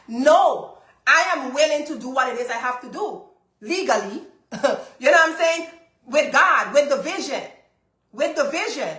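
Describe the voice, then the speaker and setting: Woman host, animated and repetitive storyteller, echoey room. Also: sits high, normal speed. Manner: animated storytelling, repeats phrases for emphasis. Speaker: business coach and livestream host. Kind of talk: casual testimony to a live audience.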